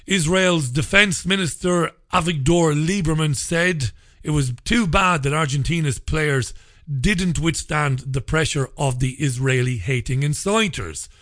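A man's voice: a little high, unhurried, fairly bright tone, no room sound, studio quality. Sarcastic, profane male radio host. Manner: sarcastic, profane, ranting with mocking laughter. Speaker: radio talk show host. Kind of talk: opinionated radio monologue.

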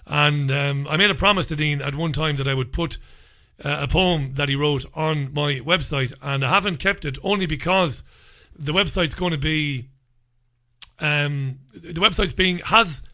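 A man's voice: a little high, bright, forceful tone. Sarcastic, rambling male radio host. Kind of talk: opinionated talk radio monologue.

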